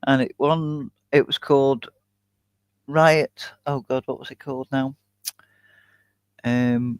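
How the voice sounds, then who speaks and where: A man's voice: medium pitch, steady tone, slow, pauses often, clean tone, dry recording. A man hosting a casual chat, telling a long anecdote in a chatty storytelling way and laughing often. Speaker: YouTube channel host.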